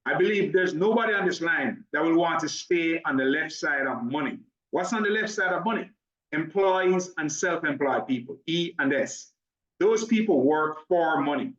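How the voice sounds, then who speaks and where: A man with a Jamaican accent giving an upbeat, persuasive online sales presentation, talking fast when excited. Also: fairly high pitch, reverberant, recorded from a distance, lo-fi sound. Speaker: business opportunity presenter.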